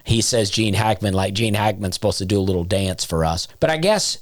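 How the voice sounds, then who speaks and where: Smooth baritone guy rambling thru a funny story on his podcast, dry close sound. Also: brisk, dry recording. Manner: wry, rambling, self-deprecating. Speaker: comedian and podcast host. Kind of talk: casual storytelling chat.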